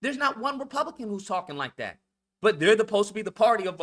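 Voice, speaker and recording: High, lively man on a profane rant. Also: fast. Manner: profane, blunt, repetitive, lecturing. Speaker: channel host. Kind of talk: heated monologue rant.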